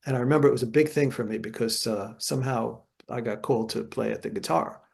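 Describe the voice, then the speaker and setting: An older man being interviewed as a jazz guitarist, telling animated anecdotes and acting out other people's voices. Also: mid-range voice, fast. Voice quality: gravelly. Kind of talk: storytelling interview.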